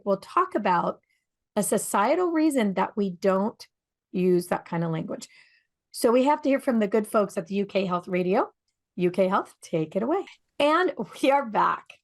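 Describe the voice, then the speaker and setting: A woman co-hosting a radio talk show, talking in a lively storytelling way and asking her listeners rhetorical questions. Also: mid-range voice. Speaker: podcast co-host.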